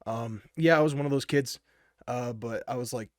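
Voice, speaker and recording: A man's voice: mid-range voice, normal speed, no echo, studio quality. Rambling, profane young man telling a story. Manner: rambling and profane, with many fillers. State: wired on energy drinks. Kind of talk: casual personal storytelling.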